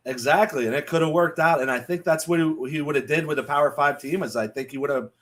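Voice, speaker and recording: A man's voice: on the high side, quick pace, a bit bright. Chatty joking man talking football. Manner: chatty, laughs often, joking. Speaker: podcast co-host. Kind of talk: casual sports betting chat.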